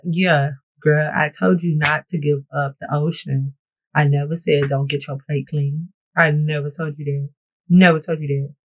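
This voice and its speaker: A woman's voice: low voice, low-quality recording. Chatty woman vlogger telling stories. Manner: playful, animated storytelling with frequent laughs; talks straight to viewers, often asking "you know what I'm saying?". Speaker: beauty vlogger. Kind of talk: get-ready-with-me casual chat.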